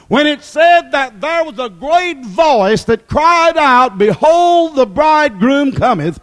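A man preaching an impassioned sermon that rises to shouts. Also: very high voice.

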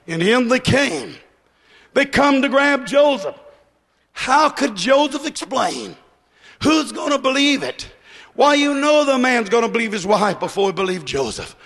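Brief: emphatic male preacher, raspy-edged voice, long echo. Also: big pitch swings, a little slow. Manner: emphatic, swings from shouts to low asides. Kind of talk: sermon. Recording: echoey hall.

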